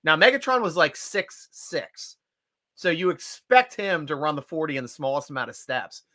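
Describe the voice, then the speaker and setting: A middle-aged man hosting a casual live-stream chat, animated and chatty and quick to laugh. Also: a little high, dry recording, clean studio sound. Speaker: host.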